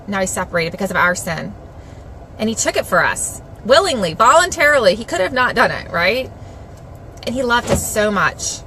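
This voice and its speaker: A woman from South Georgia with a Southern American accent, giving a casual devotional talk to viewers in an earnest, animated way and repeating phrases for emphasis. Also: a little high, a little hiss or hum, rough recording. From South Georgia, USA. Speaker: Christian blogger giving a devotional.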